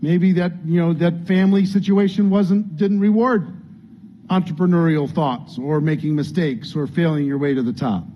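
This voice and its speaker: A man's voice: a little high, moderate pace, a little hiss or hum. A man coaching a training group, earnest and conversational, acting out what people might say. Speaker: business coach. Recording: dull lo-fi sound, faint room ambience.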